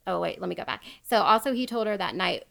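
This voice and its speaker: Woman host, chatty storyteller, gravelly voice, laughs a lot. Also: medium pitch, lively intonation, quick pace, a bit bright. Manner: chatty, laughs often, quotes people as she tells. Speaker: podcast host retelling a true crime story. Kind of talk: casual storytelling chat.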